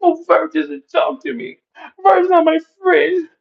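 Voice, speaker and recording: A man putting on a whining, high falsetto voice to mock a grown man begging to be friends. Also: steady tone, slow, gravelly, narrow, tinny audio, exaggerated voice.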